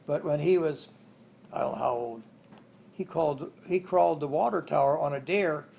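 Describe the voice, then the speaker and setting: A man's voice: fairly high pitch, moderate pace, gravelly, a little mellow, a little hiss or hum. An older man in an interview, telling rambling family stories and chuckling along the way. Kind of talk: oral history storytelling.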